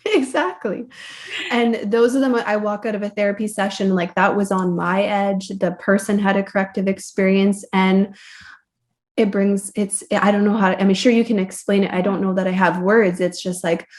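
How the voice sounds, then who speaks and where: A woman's voice: mid-range voice, fairly even intonation, moderate pace, a little mellow. A woman therapist guest in a podcast interview, explaining ideas reflectively with loose, casual fillers.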